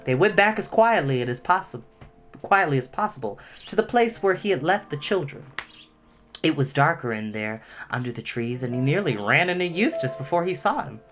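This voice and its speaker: A man reading a children's novel aloud as storyteller, with lively expression. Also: a little high, moderate pace, soft background music. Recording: slightly muffled lo-fi recording.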